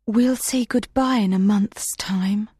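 Man putting on a high breathy young woman, frightened singer, audiobook voice, dry close sound. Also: moderate pace, darkish tone, no echo. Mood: sad. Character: young woman opera singer, fearful and tender. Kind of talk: audiobook character voice.

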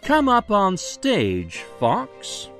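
A man voicing a grand adult stage magician with booming, drawn-out theatrical calls. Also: huge pitch swings, a bit bright, faint music behind, heavily acted. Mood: teasing.

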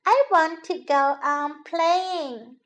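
A woman voicing a small, eager, playful boy bunny in a children's storybook, in a high childlike voice. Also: very slow, heavily acted. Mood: sulky.

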